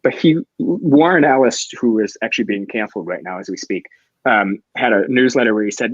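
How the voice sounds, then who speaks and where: A man's voice: mid-range voice, fairly quick, no room sound. Eager, rambling man on a comics talk show. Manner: enthusiastic, rambling with restarts. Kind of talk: casual chat. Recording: dry, dull lo-fi sound.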